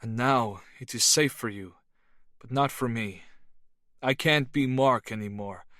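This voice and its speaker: Man doing Russian spy, earnest, quiet, plain, audiobook. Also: mid-range voice, unhurried, no room sound, studio quality, lightly acted.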